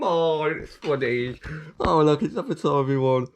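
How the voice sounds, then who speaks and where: A man hosting a video, reading a leaflet aloud with jokey commentary, playful and prone to sudden excited outbursts. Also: mid-range voice, moderate pace, noisy background. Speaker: video host.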